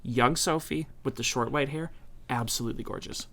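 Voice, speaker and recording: A man's voice: medium pitch, normal speed, vocal fry, fairly bright tone. A young man co-hosting a casual podcast, recapping a movie from his notes in an easygoing, jokey way. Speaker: podcast co-host.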